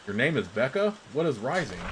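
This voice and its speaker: Man reading stern commanding game hero, plain mid-pitched voice. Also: very animated, fairly quick, fairly bright tone, slight background noise, poor audio. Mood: stern questioning. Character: commanding male Shaper hero, questioning.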